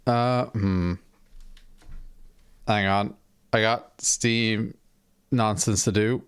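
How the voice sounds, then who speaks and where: A man's voice: fairly low pitch, fairly even intonation, drawn-out words, clear, resonant tone. A man casually chatting on a live stream while playing a game, rambling, self-deprecating and swearing offhand.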